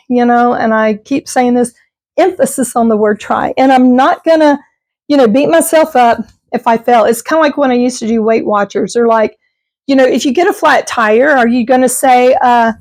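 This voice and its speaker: A middle-aged woman talks to her viewers in a loose, rambling way, laughing now and then. Her voice sits fairly high, and the recording is dry, with no room sound. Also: moderate pace, a little mellow, no room sound. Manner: rambling, chatty, laughs often. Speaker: vlogger. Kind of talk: casual chat.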